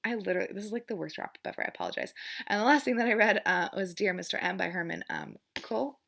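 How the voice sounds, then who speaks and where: A woman's voice: mid-range voice, racing, vocal fry, a bit bright. A young woman chatting casually through a book wrap-up, rambling with lots of fillers and restarts and laughing often. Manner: rambling, many fillers and restarts, repeats "frustrating". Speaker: book vlogger.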